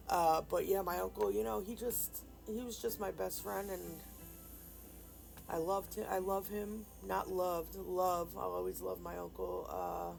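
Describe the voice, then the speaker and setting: A woman vlogger shares a personal story in a casual, rambling way. Her voice has a steady gravelly fry, and she keeps stopping to restart her sentences. Faint music plays underneath. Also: medium pitch, low-quality recording. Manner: rambling, frequent fillers and restarts; subdued and grieving in later part. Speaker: nail art vlogger.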